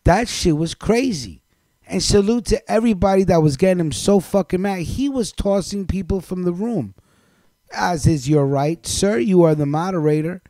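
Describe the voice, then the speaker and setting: A man's voice: high-pitched, moderate pace, warm tone, dry recording. A man hosting a live show, scolding someone directly in a blunt, profane rant. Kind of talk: ranting monologue on a live stream.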